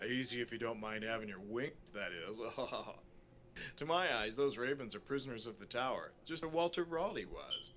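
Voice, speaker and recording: A gloomy, grousing older nobleman, voiced by a man reading game lines. He speaks plainly in a lower register. A faint background hiss is present. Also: animated, moderate pace, a bit bright, close to an everyday voice.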